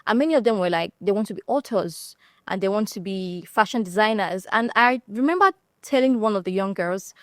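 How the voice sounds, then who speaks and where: A woman from Nigeria on a discussion panel, telling stories in an animated way and laughing often. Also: medium pitch, brisk, no room sound, studio quality.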